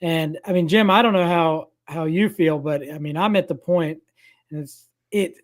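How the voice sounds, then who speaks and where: A man's voice: a little high, moderate pace. An older man co-hosting a podcast, chatting casually and wryly about sports with frequent restarts. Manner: rambling, restarts, wry. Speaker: podcast co-host.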